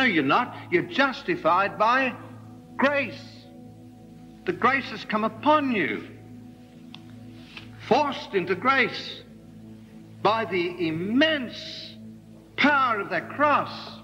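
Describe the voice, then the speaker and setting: A man preaching a sermon, animated, with ironic asides and emphatic rises. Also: high-pitched, muffled recording. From Australia.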